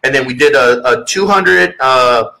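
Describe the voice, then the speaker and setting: Bright-voiced man, earnest and rambling. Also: mid-range voice, unhurried, vocal fry, rough recording. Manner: earnest, rambling with many restarts. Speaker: guest author. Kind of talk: casual interview chat.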